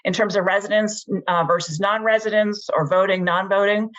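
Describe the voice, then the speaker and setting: A woman giving a prepared public comment on a video call, talking quickly and eagerly, correcting herself as she goes. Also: medium pitch, steady tone, fairly bright tone. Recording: dull lo-fi call audio.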